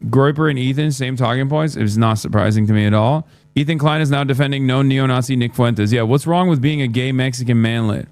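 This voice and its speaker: A man's voice: medium pitch, a little fast, few pauses, darkish tone, smooth, no room sound. A man doing livestream commentary, blunt and sarcastic, often swearing. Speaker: streamer.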